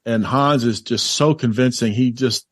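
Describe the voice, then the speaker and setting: In studio-quality sound with no echo, a podcast co-host rambles excitedly about a movie, using lots of fillers. He has a medium-pitched voice and speaks at a normal speed.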